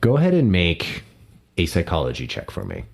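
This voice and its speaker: A man's voice: low voice, wildly swooping pitch, fairly quick, creaky, background noise. A man narrating as game master of a tabletop game, casual and full of small self-corrections.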